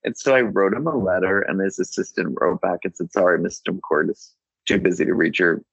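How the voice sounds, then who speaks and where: A deep-voiced man tells a rambling personal story as an interview guest, restarting his sentences and acting out quoted lines. His voice is gravelly and husky. The sound is dry and a bit dull, like lo-fi podcast audio. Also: a little fast, no echo. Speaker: guest author. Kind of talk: casual anecdotal storytelling.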